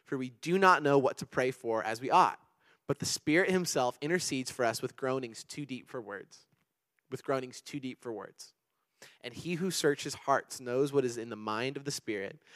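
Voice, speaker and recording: A young man preaches in a relaxed, chatty way, telling personal stories with an animated, rambling delivery and frequent restarts. His words come quickly, tumbling out one after another. The recording is close and dry, with no room sound around him. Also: mid-range voice, no echo. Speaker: pastor. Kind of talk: casual sermon with personal stories.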